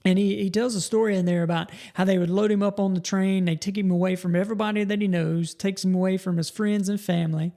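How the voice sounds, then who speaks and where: Gravelly man giving a motivational talk. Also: high-pitched, fairly even intonation, fast talker, hardly any pauses, mellow. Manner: folksy, repeats and restarts words. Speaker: podcast host.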